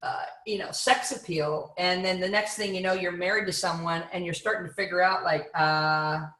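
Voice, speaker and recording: A woman giving an energetic, playful seminar talk to an audience, full of rhetorical questions. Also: lowish voice, normal speed, echoey room. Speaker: motivational speaker.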